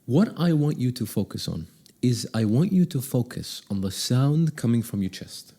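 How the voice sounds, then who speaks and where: A man's voice: medium pitch, big pitch swings, moderate pace, warm tone. A man giving tips on speaking with a confident voice, talking straight to the listener and often shifting his pace and volume to show what he means. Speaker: voice coach. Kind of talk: direct-to-camera vocal tips.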